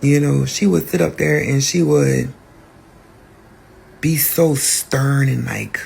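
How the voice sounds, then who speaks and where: A podcast host telling a personal story in a candid, profane, animated way. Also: male voice, medium pitch, creaky, husky.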